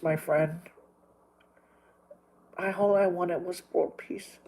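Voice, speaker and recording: A man's voice: a little high, slow pace, pauses often, mellow, slightly rough, low-quality recording. A man talking straight to his viewers while crying, pleading and repeating himself, with plenty of swearing. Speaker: livestreamer. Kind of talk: emotional monologue to viewers.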